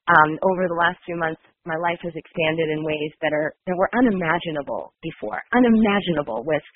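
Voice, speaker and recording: A woman's voice: lowish voice, dry recording. A woman with a nasal, congested voice from a cold, talking earnestly and reflectively as a guest. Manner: flowing, earnest, with many um's. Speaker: guest, healer. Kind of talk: reflective conversational talk. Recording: phone-like call audio.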